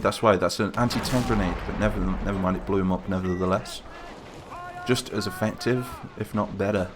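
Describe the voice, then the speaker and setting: A man hosting casual, chatty game commentary, getting excited and calling out to the troops as he plays. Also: low-pitched, a little fast, noisy background. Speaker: gaming channel host. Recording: game gunfire and explosions behind voice.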